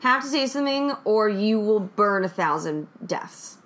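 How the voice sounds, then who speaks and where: A woman co-host talking casually at a middle pitch, wandering off on tangents and landing her points with playful emphasis. Her tone is relaxed and conversational. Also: unhurried. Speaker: podcast co-host. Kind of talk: casual chat.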